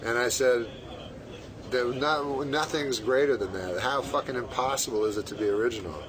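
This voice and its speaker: A man guesting on a radio talk show, talking in a deadpan, rambling way. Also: mid-range voice, normal speed, crowd noise, poor audio. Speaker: comedian guest.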